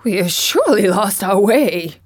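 A woman's voice: mid-range voice, expressive, measured pace, husky, dry recording, studio quality. A woman voicing a fretful, grumbling straw scarecrow man in a storybook reading, humming and hesitating.

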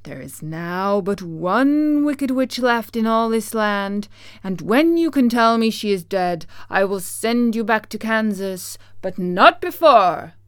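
Woman reading as a stern commanding wizard, slow, weighty, loud, dry close sound. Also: mid-range voice, animated, clean tone, dry recording. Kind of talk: audiobook reading.

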